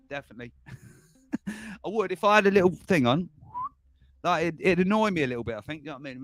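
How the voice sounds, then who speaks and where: A man's voice: a little high, dry recording. A man hosting a casual livestream, rambling and chuckling as he reads out viewer comments. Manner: chuckling, rambling, self-mocking. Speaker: livestream host.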